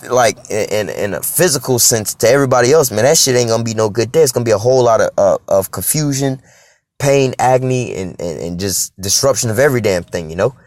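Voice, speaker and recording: A man's voice: mid-range voice, fast, a little mellow, no echo. A man preaching informally on scripture in an emphatic, profane street style, checking in with "all right?" and "you know?".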